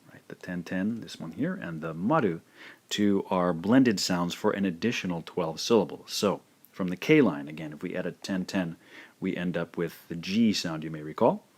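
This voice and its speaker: A man teaching a language lesson, patiently saying each sound twice in a careful, drawn-out way. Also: low voice. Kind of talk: slow, careful spoken lesson.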